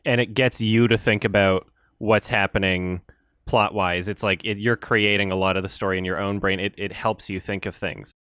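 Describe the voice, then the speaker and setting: A young man co-hosting a podcast, chatting casually in a quick, rambling, sarcastic way and laughing often. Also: on the low side, fairly even intonation, fairly bright tone, clear, resonant tone, dry recording, studio quality. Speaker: podcast co-host. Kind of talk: casual chat.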